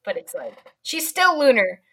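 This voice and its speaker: A woman's voice: sits high, very animated, normal speed, a bit bright, husky. A young woman co-hosting a casual book podcast, gushing and chatty, full of "like" and "oh my God". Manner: gushing, lots of fillers like "like" and "oh my God". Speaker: podcast co-host. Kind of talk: casual book discussion chat.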